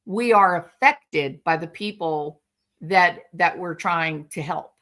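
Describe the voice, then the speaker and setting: A woman's voice: on the low side, takes it slowly, sharp tone. A woman hosting a commentary stream, talking outraged and sarcastic and speaking straight to the person she criticizes. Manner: outraged, sarcastic, addresses her subject directly. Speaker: commentary channel host. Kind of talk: indignant commentary monologue.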